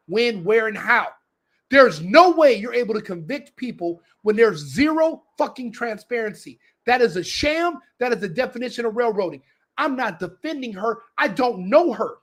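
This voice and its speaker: A man with a high-pitched voice rants through political commentary on his podcast. He presses the same demands again and again and swears freely. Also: animated, moderate pace. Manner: ranting, repetitive demands, swearing. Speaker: podcast host.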